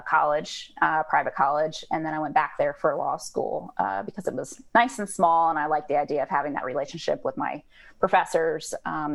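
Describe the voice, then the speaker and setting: Low-voiced woman, chatty. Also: gravelly, low-quality recording. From Georgia, USA. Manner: chatty, explanatory, with fillers. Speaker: guest. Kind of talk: podcast interview.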